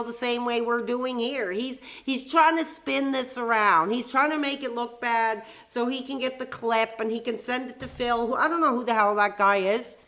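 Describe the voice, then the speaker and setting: Bright-voiced woman streamer ranting. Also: sits high. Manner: heated, ranting, swears. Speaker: streamer hosting call-ins. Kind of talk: live-stream chat with fans.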